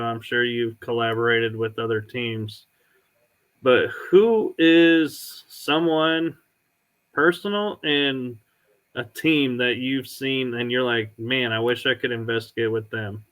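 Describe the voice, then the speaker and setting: Guy cohosting a podcast, bright sharp voice, stumbles a bit, laughs easy. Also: medium pitch, smooth, rough recording. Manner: eager questions, quick laughs, halting restarts. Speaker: podcast co-host. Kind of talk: casual podcast chat.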